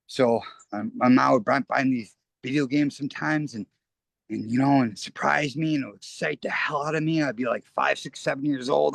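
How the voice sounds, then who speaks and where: A man's voice: mid-range voice, normal speed, gravelly, no room sound. A man talking as an interview guest, rambling earnestly and often restarting his phrases. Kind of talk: casual spoken interview.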